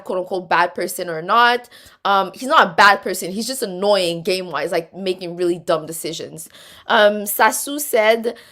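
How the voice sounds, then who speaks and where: A woman's voice: on the high side, fairly bright tone. Chatty young woman live-streaming. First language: French. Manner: chatty, reads out chat comments, repeats herself. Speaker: livestream host reviewing a reality show. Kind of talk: casual live-stream chat.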